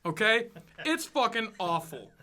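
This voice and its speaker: A man's voice: high-pitched, very animated, a little slow, bright, forceful tone. A young man in his twenties hosting a podcast, ranting about football with lots of swearing and emphatic energy. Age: 20s. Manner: profane, fired-up, emphatic. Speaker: podcast host. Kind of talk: casual sports rant.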